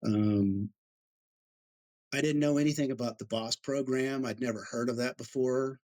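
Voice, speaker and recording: In a casual interview, a middle-aged Army veteran from the United States tells stories in a mid-range voice at a moderate pace. He's an animated storyteller who acts out the voices of the people he quotes.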